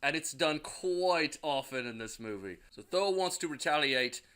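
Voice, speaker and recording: This young movie reviewer goes through a film's plot casually and crudely, cursing constantly and now and then performing a character's line. His voice is a little high and a bit bright, clear and resonant, with lively intonation at a normal speed.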